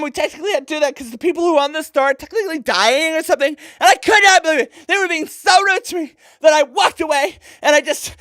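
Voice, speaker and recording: A vain, airheaded young valley girl, played by a woman in a comic monologue. She gushes and tumbles through every sentence in a high, bright voice. The sound is dry and close. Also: no room sound. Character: vapid, self-absorbed young woman shopper.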